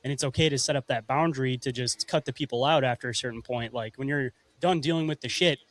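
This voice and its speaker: Quick-talking man hosting a podcast. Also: mid-range voice, fairly bright tone. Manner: blunt, frank talk with casual swearing and "man". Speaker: podcast host. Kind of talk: casual podcast chat.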